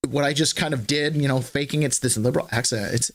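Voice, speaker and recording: A man's voice: medium pitch, fast talker. Wry rambling male podcast host. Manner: wry, rambling, mocks clips. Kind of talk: casual political commentary.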